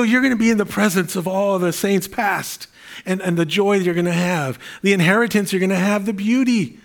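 A man's voice: high voice, fairly quick, creaky. A middle-aged male pastor preaching a sermon in an earnest, conversational way, with fillers and repeated phrases.

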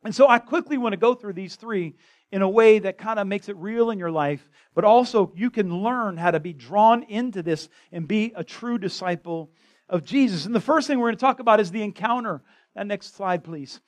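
A man's voice: high-pitched, normal speed. A man preaching a conversational, impassioned sermon as pastor in a church. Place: church sanctuary.

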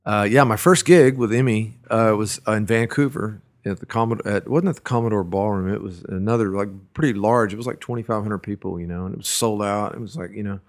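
A man's voice: on the low side, fast talker, hardly any pauses. Rambling man telling road stories. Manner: rambling, many fillers and restarts, laughs at his own stories. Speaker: musician recalling his career. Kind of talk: casual storytelling interview.

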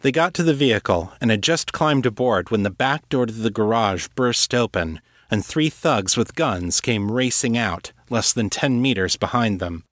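A man narrating a serialized fantasy story in a steady, measured way. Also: mid-range voice, no echo, clean studio sound. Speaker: narrator and author. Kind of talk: scripted audiobook narration.

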